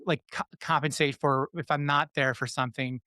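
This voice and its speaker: A man's voice: a little high, steady tone, bright, forceful tone, dry recording, clean studio sound. A man in his thirties, a podcast guest, talking casually and often restarting his sentences. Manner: halting, many restarts. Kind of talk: casual conversation.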